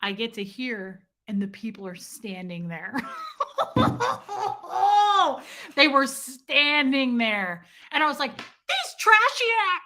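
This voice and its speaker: A middle-aged woman hosting her channel, telling a story to viewers in a loud, self-mocking way, swearing freely and acting out her own yelling. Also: high voice, very animated, slow. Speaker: channel host. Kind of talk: casual storytelling chat to viewers.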